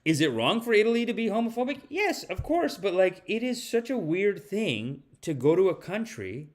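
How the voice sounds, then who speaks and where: A man with a high voice speaks at normal speed while hosting a podcast. He offers casual comedic commentary, animatedly mocking the news he reacts to and breaking into impressions.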